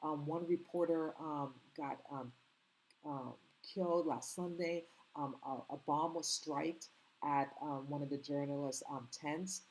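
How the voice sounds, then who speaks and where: A woman's voice: deep voice, fairly even intonation, unhurried, a little mellow, poor audio. A woman with a slight foreign accent hosting her own commentary channel, talking earnestly and rambling with many ums and restarts. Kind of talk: casual opinion commentary.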